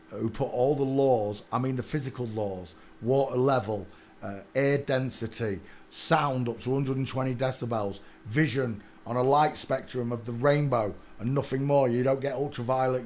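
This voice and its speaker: A man's voice: mid-range voice, a little mellow, slight background noise. A man delivering an insistent, preachy ranting monologue to his channel. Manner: preachy, insistent, with filler hesitations. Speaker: channel host.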